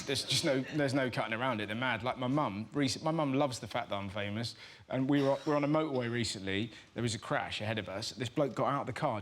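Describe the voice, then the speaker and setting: A man in his thirties with an English accent, a comedian guest telling jokey anecdotes on a chat show. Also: mid-range voice. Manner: storytelling, jokey, laughs between lines. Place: TV studio with live audience. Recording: noisy studio, loud audience laughter.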